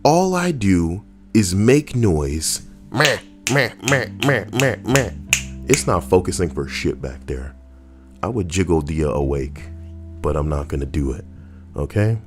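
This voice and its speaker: A man's voice: deep voice, sing-song, a little slow, music in the background. A man hosting a live reaction stream, chatting casually and wryly and talking back to his viewers. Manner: wry, chatty, talks back to chat.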